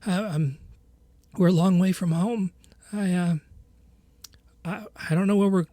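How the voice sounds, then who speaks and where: A man's voice: sits high, fairly even intonation, unhurried, mellow, no room sound, pitched above the performer's own voice. A man doing a stammering scared halfling boy. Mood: nervous. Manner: stammering, panicky apologies. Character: timid frightened young halfling boy.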